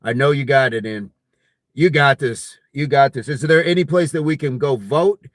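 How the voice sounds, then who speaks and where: A man's voice: medium pitch, normal speed, no room sound, clean studio sound. A man hosting a casual fitness live stream, reading viewer comments aloud in a jokey, friendly way and laughing often.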